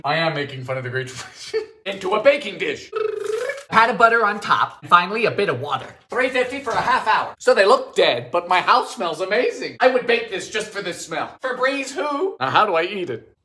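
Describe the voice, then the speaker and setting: Young male baking host, lively bright voice, deadpan punchlines with loud bursts. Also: high-pitched, a little hiss or hum. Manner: deadpan jokes with sudden loud outbursts. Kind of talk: comedic cooking narration. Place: home kitchen.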